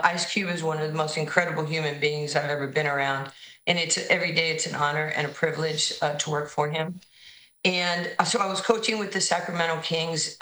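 A woman's voice: low voice, roomy sound, low-quality recording. A woman from New York, a basketball head coach, telling stories in an interview and acting out the people she quotes. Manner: animated storyteller, acts out quoted voices. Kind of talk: interview storytelling.

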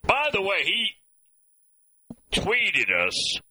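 A man's voice: sits high, sing-song, drawn-out words, sharp tone, husky, poor audio. A man hosting call-in sports talk radio, folksy and opinionated. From American South.

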